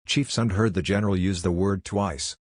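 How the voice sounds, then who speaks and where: A man reading a government report aloud in a steady, measured way. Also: low-pitched, no room sound, studio quality. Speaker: report reader.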